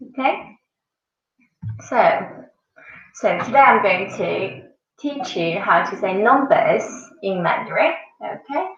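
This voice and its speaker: A woman teaches a classroom lesson at a slow, patient pace, saying each sound several times over. Her voice carries a gravelly edge. She is picked up from across an echoey room on a dull-sounding mic. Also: mid-range voice, a bit bright, distant mic. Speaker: Mandarin teacher. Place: school classroom.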